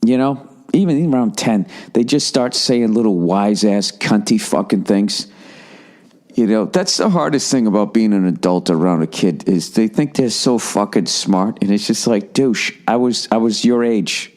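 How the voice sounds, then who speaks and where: A man in his forties ranting through a casual comedic monologue as a podcast host, swearing heavily and jumping up in pitch. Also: moderate pace. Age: 40s. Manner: ranting, heavy swearing, animated rises in pitch.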